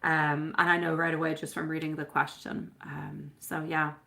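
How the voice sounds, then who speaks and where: A woman's voice: low-pitched, level tone, moderate pace, creaky, bright, forceful tone, slight background noise. A woman reading tarot on a live stream, chatting with viewers and calling them sweetie and my love. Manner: chatty, rambling with fillers. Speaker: tarot reader.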